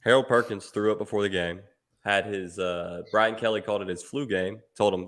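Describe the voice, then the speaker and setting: Male co-host, stuffy-nosed, slightly low voice, laid-back banter. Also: fairly even intonation, fairly quick, fairly bright tone. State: congested, stuffy nose. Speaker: podcast co-host. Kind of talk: casual sports chat.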